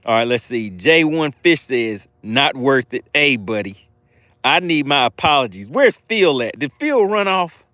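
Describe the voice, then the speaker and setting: Man, fishing stream host, reads chat aloud, teasing banter, swooping animated pitch, dry close sound. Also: unhurried, dry recording. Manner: playful, teasing banter with viewers. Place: outdoors by the water.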